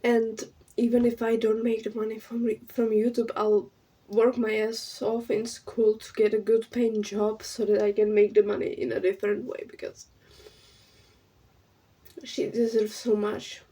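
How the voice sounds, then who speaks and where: A young woman speaks to her camera in an earnest, halting vlog. Her voice is mellow and a little husky. She sits slightly back from the mic. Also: on the high side, flat delivery, distant mic, rough recording. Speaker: YouTuber.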